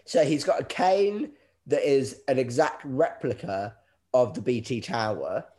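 A man's voice: medium pitch, expressive, unhurried, a little mellow. A man hosting a comedy podcast in casual chat, playful and often laughing. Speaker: podcast host.

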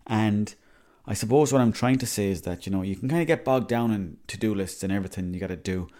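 A man's voice: lowish voice, fast talker, warm tone. A young Irish man hosting a podcast, rambling in a chatty, casual monologue and swearing freely. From Ireland. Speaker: podcast host.

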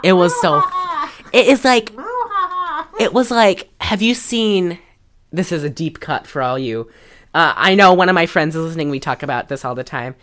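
A woman's voice: on the low side, expressive, normal speed, fairly bright tone. A woman co-hosting a podcast, recapping a movie in rambling casual chat full of fillers and laughs. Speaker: podcast co-host.

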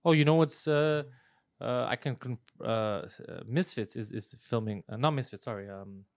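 A man hosting a comedy podcast, telling stories in fast, profane casual chat with lots of fillers. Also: mid-range voice, no room sound, studio quality.

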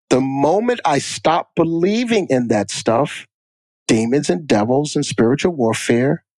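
A man's voice: a little high, darkish tone, dry recording. A man co-hosting a podcast, telling personal stories emphatically and repeating lines for effect. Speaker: podcast co-host. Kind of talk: casual chat.

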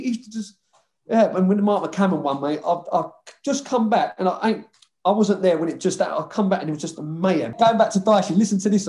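A man with a London accent tells old football stories at full tilt. His voice sits a touch high, and he swears and laughs his way through the tales. The room around him is roomy and echoey. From London (Hackney). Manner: animated storyteller, swears freely, laughs often. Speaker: former footballer guest. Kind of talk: casual podcast chat.

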